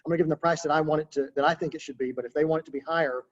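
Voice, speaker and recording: A man coaching real estate agents in a relaxed, conversational webinar talk over a video call. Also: fairly high pitch, racing, dull audio. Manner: casual, conversational, practical coaching.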